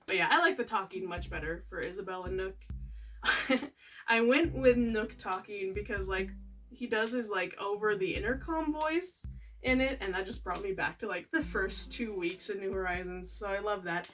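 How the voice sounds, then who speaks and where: A woman's voice: medium pitch, animated, moderate pace, fairly bright tone, far from the mic. A woman chatting casually as she reviews toys, laughing often between her remarks. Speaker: toy reviewer. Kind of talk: casual product review vlog.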